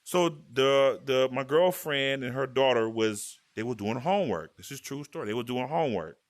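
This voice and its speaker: A man hosting a podcast, telling a story in casual chat with animated delivery and stammering restarts. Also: mid-range voice, normal speed. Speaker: podcast host. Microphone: VR headset mic.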